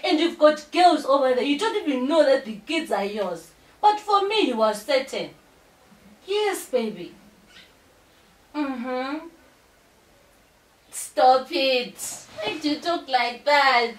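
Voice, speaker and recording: A woman's voice: high-pitched, expressive, takes it slowly, long pauses. A Zimbabwean woman playing a whiny, demanding pregnant young mistress in a comedy skit, giggling between her complaints. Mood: wheedling. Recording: roomy, distant from mic.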